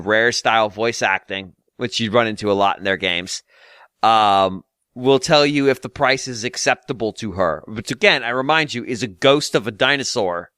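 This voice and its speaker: A man's voice: mid-range voice, a bit bright, smooth, no room sound, clean studio sound. A man hosting a casual gaming podcast, ranting with exasperated, profane humor and frequent laughter. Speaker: podcast host.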